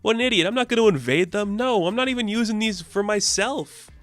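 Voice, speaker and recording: A man's voice: sits high, lively intonation, a little fast, fairly bright tone, dry recording, pitched above the performer's own voice. A man voicing a big, angry male alien warlord, smitten and whiny, in a comic book recap. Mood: mocking.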